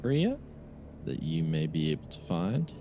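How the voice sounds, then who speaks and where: A man from Southern Louisiana narrating a tabletop game as game master, halting often with fillers and restarts. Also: extremely low pitch, very animated, background noise.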